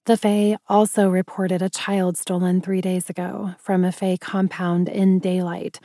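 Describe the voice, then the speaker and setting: A woman narrating first-person fiction in an audiobook, her voice low and mellow. She tells it steadily and evenly, recorded dry and close. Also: level tone, measured pace, few pauses, no room sound.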